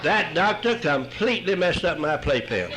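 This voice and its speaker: A man's voice: a little high, very animated, normal speed, heavy background noise. An older man, telling his own story at a recovery meeting in a folksy, wry way. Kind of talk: humorous personal storytelling talk.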